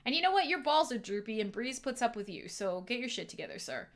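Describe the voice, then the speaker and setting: A woman's voice: on the high side, big pitch swings, quick pace. A woman hosting a casual livestream from home, joking with her chat in a profane, sarcastic, self-mocking way. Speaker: livestream host.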